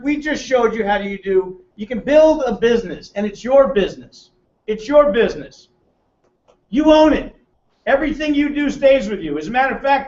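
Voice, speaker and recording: An American man giving a seminar to a live audience, brash and joking, quizzing people in the room and teasing them. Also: very high-pitched. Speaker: seminar presenter. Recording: roomy, distant, dull room mic.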